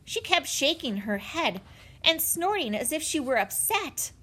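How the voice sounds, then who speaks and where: A woman narrating a children's audiobook in an expressive storytelling manner. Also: high voice, unhurried. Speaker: audiobook reader.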